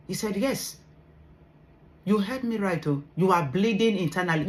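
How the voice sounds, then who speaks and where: A woman's voice: mid-range voice, normal speed, pauses often. A Nigerian woman in a vlog, earnestly retelling a personal story with emotion, mixing English and pidgin. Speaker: vlogger sharing her medical story.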